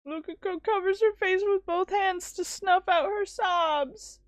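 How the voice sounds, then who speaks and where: A woman with a high voice reads a visual novel aloud at an unhurried pace and adds expressive, casual commentary. The recording is close and dry. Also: no room sound. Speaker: let's-play streamer.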